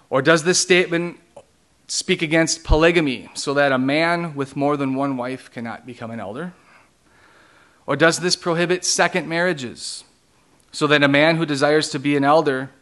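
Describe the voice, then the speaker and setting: A man's voice: mid-range voice, a bit bright. A man pastor teaching a Bible study in a plain, conversational way, explaining each term one by one.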